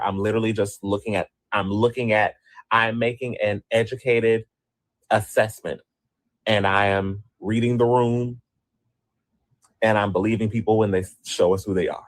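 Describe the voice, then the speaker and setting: Guy with a lowish voice ranting on a news show, keeps repeating himself, dry close sound. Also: steady tone, normal speed, no echo. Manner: emphatic, repeats phrases. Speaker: co-host. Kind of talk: opinionated commentary.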